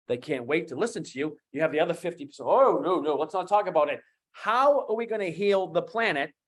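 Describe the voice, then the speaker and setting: A man in his fifties with a Boston accent, speaking as a guest coach on an online talk show, animated and emphatic, repeating key phrases. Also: high voice. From USA. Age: 50s.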